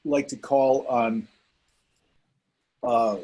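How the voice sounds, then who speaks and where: A man's voice: mid-range voice, steady tone, very slow, dark tone, poor audio. A man hosting an online memorial event over a video call, introducing speakers in a rambling way with many fillers. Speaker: event host.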